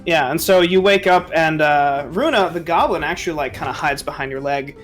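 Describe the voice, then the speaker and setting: A man narrating as game master of a tabletop game in an easygoing, unhurried way. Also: fairly high pitch, a bit bright, soft background music.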